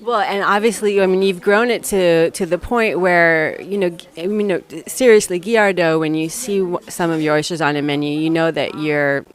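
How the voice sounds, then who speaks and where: A woman's voice: lowish voice, steady tone, normal speed, hardly any pauses. An American woman hosting a food podcast, asking chatty, rambling interview questions with enthusiasm. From United States. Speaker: podcast host.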